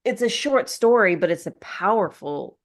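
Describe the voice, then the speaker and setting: A woman's voice: mid-range voice, lively intonation, normal speed. A woman co-hosting a podcast, chatting casually and praising her guest, often restarting her sentences as she thinks aloud. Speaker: podcast co-host. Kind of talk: casual chat.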